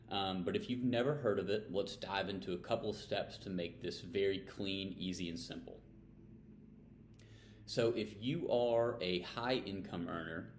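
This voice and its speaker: A man with a low, deep voice talks through money matters in a relaxed, conversational way, posing questions and then answering them. He sounds like a financial advisor doing his weekly tip video. The sound is roomy and echoey, with a faint hiss behind him. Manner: conversational, plain-spoken, asks and answers his own questions. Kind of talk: casual explainer talking to camera.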